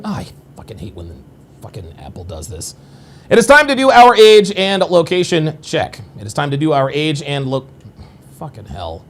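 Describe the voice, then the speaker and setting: A man's voice: fairly high pitch, a bit bright. A man in his forties hosting a casual livestream, rambling and repeating himself with crude, profane asides to his viewers. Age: 40s. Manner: addresses viewers directly. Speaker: livestream host.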